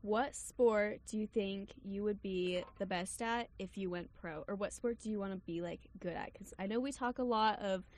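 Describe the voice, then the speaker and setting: A woman's voice: medium pitch, normal speed, hardly any pauses, a little mellow. A young woman co-hosting a campus radio show, casually asking her co-hosts questions.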